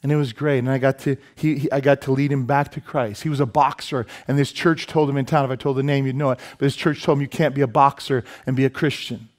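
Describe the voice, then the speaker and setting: A male pastor preaching a sermon, telling stories with lively asides and self-deprecating humor. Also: medium pitch, fast talker, few pauses. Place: church sanctuary.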